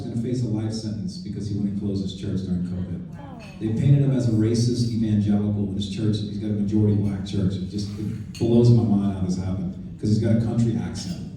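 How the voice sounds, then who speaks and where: A man's voice: lowish voice, steady tone, a little fast, warm tone, recorded from a distance. A man giving an informal speech to a political club, conversational and emphatic, often restarting his sentences. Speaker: guest speaker at a political club. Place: meeting room at a club event. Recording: very echoey room, voice from afar.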